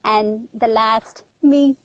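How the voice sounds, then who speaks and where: A woman's voice: a little high, fairly even intonation, drawn-out words, muffled recording. A woman interviewer asking questions in an upbeat, casual way, often saying "like". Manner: upbeat, peppers speech with "like".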